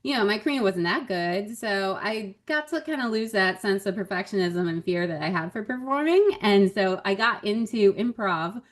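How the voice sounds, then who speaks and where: A woman comedian as a podcast guest, telling stories in a chatty, animated way with frequent laughs. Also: medium pitch, moderate pace, hardly any pauses. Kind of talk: casual podcast chat.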